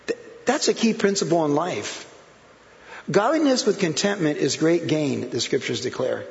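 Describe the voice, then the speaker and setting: A man's voice: fairly high pitch, expressive, normal speed, gravelly. Man preaching in an echoing hall. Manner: conversational preaching with many fillers and repetitions. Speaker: pastor. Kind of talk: sermon. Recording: roomy hall echo, dull sound.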